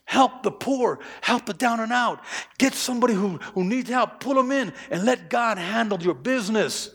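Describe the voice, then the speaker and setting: High gravelly preacher man in a hall. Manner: emphatic, repeats phrases, stammering restarts. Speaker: pastor. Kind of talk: sermon. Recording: long hall reverb.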